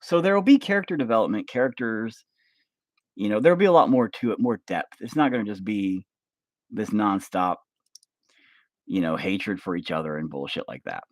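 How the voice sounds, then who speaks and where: A man in a casual, profane, rambling monologue, pitching a movie plot while working with his hands at home. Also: lively intonation, normal speed, no echo, studio quality. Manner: rambling, profane, acts out scenes. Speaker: vlogger pitching a film idea. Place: home office while carving.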